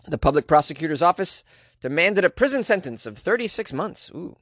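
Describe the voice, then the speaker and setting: A man's voice: medium pitch, animated, brisk, no room sound, studio quality. A man hosting a comedic weird-news podcast, reading stories and riffing on them sarcastically. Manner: sarcastic, jokey, puts on silly voices. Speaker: podcast host.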